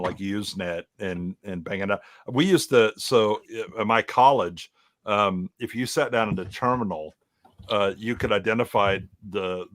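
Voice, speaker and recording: A man's voice: lowish voice, a bit bright, dry recording, clean studio sound. A man telling rambling, jokey stories in casual chat as a panelist on a live reaction stream. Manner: rambling storyteller, loose and jokey. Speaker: podcast panelist.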